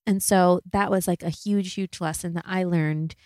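A woman in her thirties hosts a reflective solo podcast. She is earnest and chatty, with a mellow, slightly low voice. The sound is close and dry. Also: steady tone, normal speed, no echo. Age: 30s. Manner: earnest and chatty, full of "like" and "you know". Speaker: podcast host.

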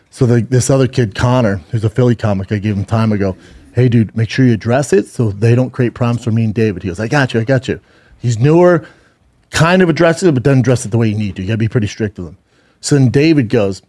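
A man's voice: mid-range voice, quick pace, a little mellow. A man co-hosting a podcast, telling a story in casual chat, acting out quotes and swearing freely. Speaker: podcast co-host.

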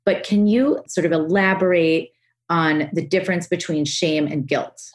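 Woman host of a podcast, lowish voice, super eager, trips over her words a bit. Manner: enthusiastic, fast, restarts and rushes through thoughts. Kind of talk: podcast interview.

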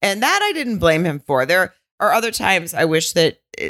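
A woman's voice: lowish voice, very animated, moderate pace, a bit bright. A woman co-hosting a podcast, chatting casually and acting out quotes with some swearing. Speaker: podcast co-host. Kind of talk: casual chat recapping a reality show.

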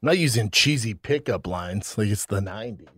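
A man co-hosting a podcast, telling anecdotes in a lively way, laughing and swearing often. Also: on the low side, fairly quick, a little hiss or hum. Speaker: podcast co-host. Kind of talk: casual chat.

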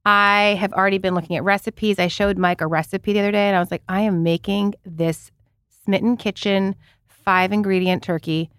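A Canadian woman in her forties co-hosting a podcast, chatting casually and telling animated stories, swearing freely and laughing as she talks. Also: medium pitch, normal speed, clean tone, no echo, clean studio sound. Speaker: podcast co-host. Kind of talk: casual chat.

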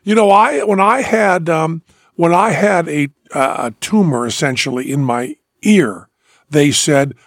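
An older man with a high, gravelly voice hosts a casual chat. He talks loudly and crudely and is always joking. His voice sounds dry and close. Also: unhurried, dry recording. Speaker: podcast host.

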